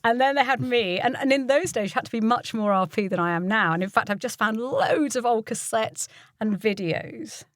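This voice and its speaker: A woman's voice: fairly high pitch, normal speed, no echo, clean studio sound. An older woman from the UK, a voiceover artist and coach, telling stories casually in an interview. She acts out the people she quotes and laughs often.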